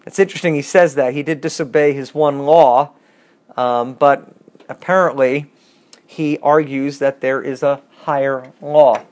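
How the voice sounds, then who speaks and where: A man's voice: mid-range voice, steady tone, measured pace, a little mellow. A man teaching a casual bible class, reading scripture aloud and adding wry, chatty asides.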